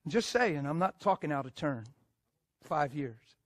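Man, preacher, sermon storytelling, emphatic, fairly high voice, dry close sound. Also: no echo. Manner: animated, emphatic, swings from loud to hushed.

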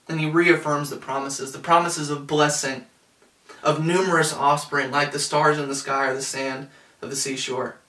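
A pastor preaching a sermon, earnest, slowing down to stress scripture quotes. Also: male voice, a little high, a bit bright. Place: church sanctuary. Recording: roomy sound from a distance.

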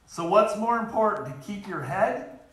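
A man's voice: high-pitched, lively intonation, moderate pace, a bit bright. A man preaching a sermon in a church in an earnest, emphatic way, reading scripture aloud. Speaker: lay preacher. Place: church sanctuary. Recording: very echoey church hall.

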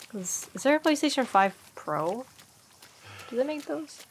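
A woman's voice: high-pitched, sing-song, slow pace, slightly rough. A woman giving casual let's-play commentary, chatty and giggly, thinking aloud as she plays. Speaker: gaming streamer.

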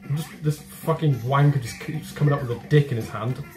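A man's voice: medium pitch, a little fast, a little mellow, soft background music. A man giving gameplay commentary who swears constantly, laughs a lot and mocks what he sees. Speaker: gaming video host.

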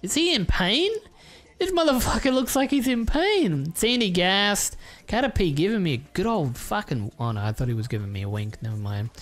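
Crude, excitable man. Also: high-pitched, normal speed, faint music behind. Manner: crude, excitable, swears a lot. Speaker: YouTuber. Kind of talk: casual card-opening commentary.

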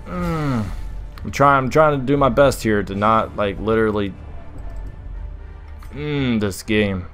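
A man's voice: on the low side, takes it slowly, pauses often, a bit bright, faint music behind. A young adult man venting as a gaming streamer, giving exasperated live gameplay commentary full of mild oaths in place of swears.

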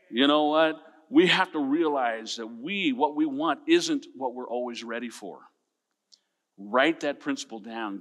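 A man's voice: mid-range voice, fairly bright tone. A male pastor preaching a sermon, calling out to his congregation and rising to emphatic peaks. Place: church sanctuary. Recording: long church reverb.

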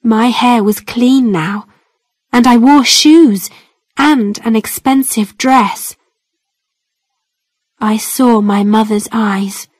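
A woman reads a storybook aloud in a slow, careful, clearly spaced way, made for learners. Her voice sits fairly high. The recording is close and dry, with no room sound. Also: a little mellow, no room sound. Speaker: narrator. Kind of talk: slow scripted storybook narration for English learners.

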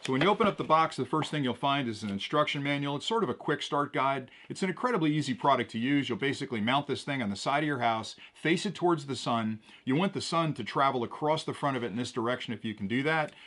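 A man reviewing a gadget on camera, explaining each step of the setup in a relaxed, chatty way with the odd chuckle. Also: medium pitch. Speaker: product reviewer. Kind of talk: hands-on product demonstration.

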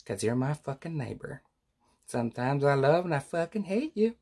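A man's voice: medium pitch, sing-song, moderate pace, vocal fry, breathy edge, full character voice. A man doing a sweetly cursing neighbor. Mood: falsely sweet. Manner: soft, falsely friendly, swearing. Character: passive-aggressive male neighbor, sweetly profane.

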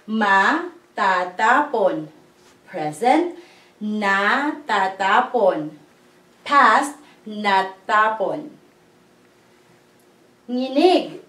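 A woman teaching a language lesson, patiently breaking words into syllables and repeating them. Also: on the high side. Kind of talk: slow classroom-style grammar lesson. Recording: echoey room, voice a bit far from the mic.

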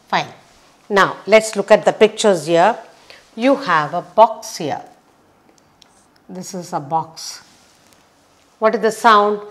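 Very slow-talking woman teaching phonics. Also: fairly low pitch. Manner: very slow, drawn-out, repeats letter sounds. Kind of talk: children's phonics lesson.

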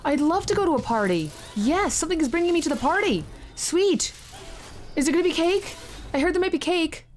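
A woman hosting a gaming channel, giving excitable, chatty let's-play commentary full of exclamations. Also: extremely high pitch, a little fast, a little hiss or hum.

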